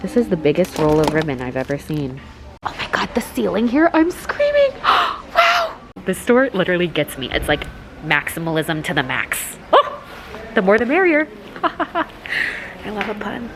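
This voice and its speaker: A young woman vlogging in a gushing, excitable way, gasping and exclaiming as she chats. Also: fairly low pitch, normal speed, noisy background. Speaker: lifestyle vlogger. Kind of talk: casual vlog chat.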